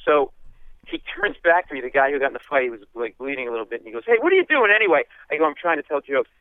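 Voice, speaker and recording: A man telling a comic story in an interview, animated and acting out the people in it. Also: medium pitch, very fast, dry recording. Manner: animated, acts out voices. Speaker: guest comedian. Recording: tinny phone-like line.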